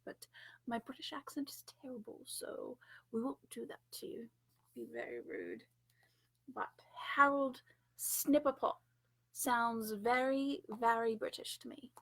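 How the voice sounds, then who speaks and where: A woman's voice: fairly high pitch, expressive, unhurried. A woman hosting a storytime livestream, chatting casually with playful, giggly asides. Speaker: storytime host.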